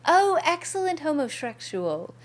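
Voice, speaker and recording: A woman's voice: high voice, sing-song, a little slow. Bubbly woman chatting with her stream. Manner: bubbly, thanks chatters by name often. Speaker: game streamer. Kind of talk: casual chat with viewers.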